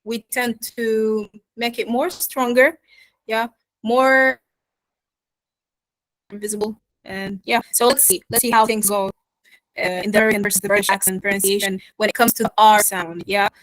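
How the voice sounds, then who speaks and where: A woman teaching pronunciation in an online lesson, modeling words slowly and checking in with her students. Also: mid-range voice, flat delivery, no echo, low-quality recording. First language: Arabic. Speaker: accent teacher.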